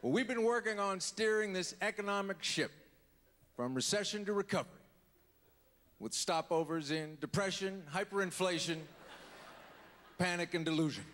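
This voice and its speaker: A man doing an impression of a male US president, giving a slow, deliberate speech with pauses on a live comedy stage. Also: sits high, a bit bright. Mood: solemn. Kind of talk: stand-up impression. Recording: hall reverb, faint crowd ambience.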